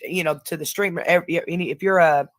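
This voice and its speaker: A woman's voice: lowish voice, steady tone, fast talker, dry recording. A woman hosting a casual livestream, talking loosely in slang and rambling through her points. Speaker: livestream host.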